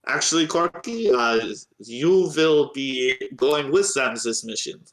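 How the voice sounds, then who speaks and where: A man playing a calm, matter-of-fact leader. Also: medium pitch, takes it slowly, roomy sound. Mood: instructing.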